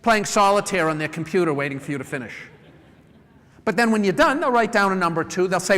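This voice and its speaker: A middle-aged man from New England giving a live conference talk, a lively storyteller who acts out customer phone calls. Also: high voice, fast. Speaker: conference speaker. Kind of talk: live presentation to an audience. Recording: long hall reverb.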